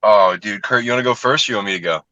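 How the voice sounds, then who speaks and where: A man telling profane, animated stories in casual chat as a comedian guest on a podcast, acting out the people he quotes. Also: lowish voice, very fast, no echo, highs cut off.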